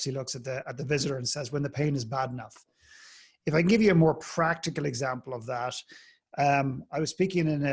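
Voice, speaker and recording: Gravelly Irish man telling a story. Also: mid-range voice. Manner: animated anecdote-telling, acts out the people in his story. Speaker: podcast guest, inspirational speaker. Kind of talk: storytelling in a conversational interview.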